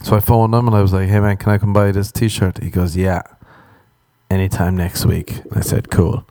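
A man's voice: deep voice, level tone, normal speed, warm tone, no room sound, clean studio sound. A young man hosting a solo podcast, telling rambling stories full of swearing and acting out other people's lines. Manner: swearing, storytelling, acts out other voices. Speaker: podcast host. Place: Los Angeles.

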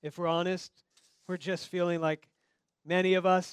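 A man's voice: high-pitched, level tone, normal speed, clear, resonant tone, no room sound, studio quality. A man preaching a sermon in a conversational way, speaking straight to his listeners and acting out the voices in the story. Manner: conversational, acts out quoted dialogue. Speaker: pastor.

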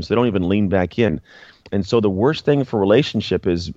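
A man's voice: lowish voice, darkish tone, no room sound, dull audio. A man guest speaking earnestly in a casual conversation, often repeating words as he thinks. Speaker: guest, former pro football player and author.

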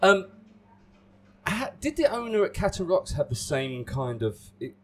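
Playful male podcast host, very lively intonation, loves a joke. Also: high-pitched, a little slow. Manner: playful, joking interviewer. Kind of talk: casual chat.

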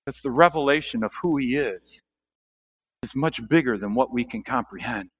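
A male pastor preaching a sermon, asking the congregation questions, animated, with sharp rises and drops in his voice. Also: mid-range voice, moderate pace, husky.

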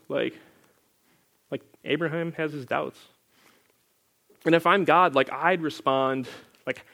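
A man's voice: a little high, fairly even intonation, takes it slowly, gravelly, pauses often, fairly bright tone. A young man leading a casual Bible study, reading scripture aloud and then explaining it in a loose, chatty way full of filler words. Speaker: Bible teacher.

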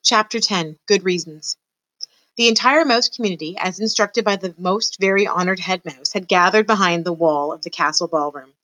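A woman teacher talking to her students and reading a children's novel aloud in a lively, encouraging way. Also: on the low side, moderate pace, no echo, rough recording.

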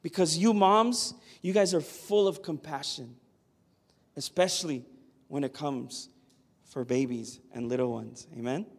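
A man's voice: on the high side, a little slow, creaky, husky. A man preaching a sermon, earnest and emphatic, often asking the listeners "Amen?". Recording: long hall reverb.

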